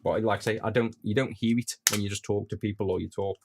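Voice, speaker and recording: Stoke lad with a deep voice, rambly relaxed chat with viewers, soft hiss behind. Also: male voice, fast. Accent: Stoke-on-Trent (Potteries). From Stoke-on-Trent, England. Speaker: streamer repairing retro consoles. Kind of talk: casual live-stream chat while soldering.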